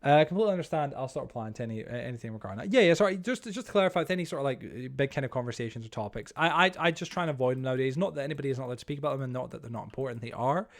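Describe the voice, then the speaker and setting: Racing along with hardly a pause, a young man with an expressive, mid-range voice chats with his stream viewers while playing a building game. He reads the chat out loud and trips over his words, full of fillers and restarts.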